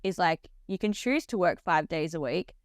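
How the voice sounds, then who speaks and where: A woman's voice: lowish voice, animated, moderate pace, no echo, clean studio sound. A young adult woman hosting a podcast, upbeat and casual with many filler words. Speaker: podcast host. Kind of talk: casual interview chat.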